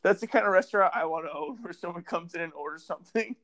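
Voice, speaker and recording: A man's voice: sits high, fast, fairly bright tone. A young man co-hosting a casual podcast, giggling and joking often. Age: young adult. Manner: giggly, laughs a lot. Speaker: podcast co-host.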